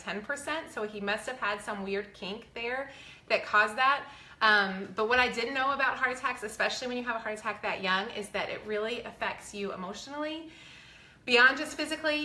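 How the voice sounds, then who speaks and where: A woman's voice: medium pitch, bright, forceful tone, roomy sound. A woman, talking earnestly and chattily to her viewers, close to tears, with a faith-filled manner. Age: 40s. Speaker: vlogger. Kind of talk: casual heartfelt talk to viewers.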